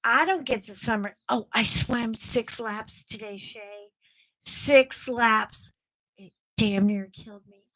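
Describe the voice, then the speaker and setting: A blunt, chatty middle-aged woman hosting a casual livestream, talking slowly and unhurriedly in a slightly high voice. She laughs easily and speaks straight to her viewers. The sound is dry and close. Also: a bit bright, no room sound, rough recording. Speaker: livestream host. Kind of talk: casual chat with live viewers.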